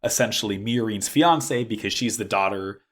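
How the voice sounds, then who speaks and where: A man's voice: fairly low pitch, normal speed. Guy cohosting a podcast, rambly casual recap, lots of likes and restarts. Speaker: podcast co-host. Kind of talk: casual anime recap chat.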